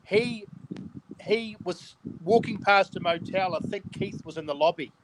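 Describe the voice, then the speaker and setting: A man's voice: sits high, background noise. Hesitant man in casual chat. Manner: hesitant, halting. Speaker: co-host.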